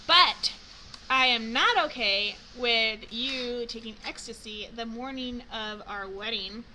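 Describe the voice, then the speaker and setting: Young woman gushing fast and bubbly, high bright voice. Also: a little hiss or hum, rough recording. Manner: bubbly, quick, rambling.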